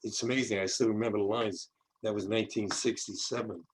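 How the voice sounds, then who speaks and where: A man's voice: lowish voice, fairly even intonation, brisk, a little hiss or hum, low-quality recording. An older man from the South Bronx, hosting a video-call interview in a rambling way, often restarting his sentences. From South Bronx, New York. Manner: rambling, repeats words and restarts. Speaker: host. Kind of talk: casual interview chat.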